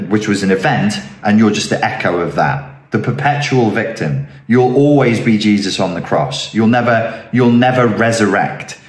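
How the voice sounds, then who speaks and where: A man hosting a philosophy channel, talking through ideas in an earnest, digressive monologue that builds into emphatic rhetorical questions. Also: fairly low pitch. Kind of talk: reflective monologue. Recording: roomy echoing room.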